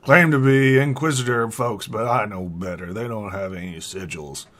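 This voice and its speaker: A man voicing an old male farmer who owns the land, talking in a folksy rural way with halting restarts. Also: on the low side, a bit bright, close to an everyday voice. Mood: wary.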